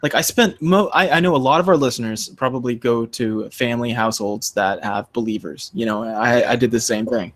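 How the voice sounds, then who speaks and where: A young man co-hosting a casual podcast. He tells stories with animation and acts out quotes with sharp jumps in pitch. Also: a little fast, few pauses. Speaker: podcast co-host.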